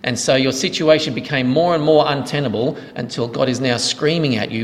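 A man's voice: mid-range voice, a little fast, few pauses. Aussie pastor guy taking questions, earnest, voice ringing in a big echoey hall. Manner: earnest, explanatory, thanks each asker. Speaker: pastor answering audience questions. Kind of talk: Q&A teaching session. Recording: reverberant hall.

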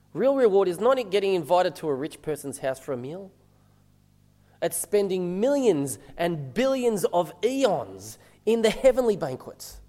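A man's voice: high voice, dark tone, long reverb tail. A man preaching a sermon as a minister, talking conversationally and asking the congregation rhetorical questions.

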